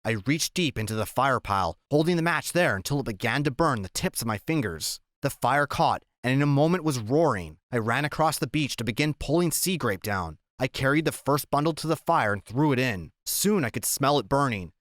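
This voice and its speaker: A man narrating a novel as an audiobook, expressive and storytelling. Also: mid-range voice, fairly quick, few pauses, no echo, studio quality. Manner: expressive reading, acting out shouted lines.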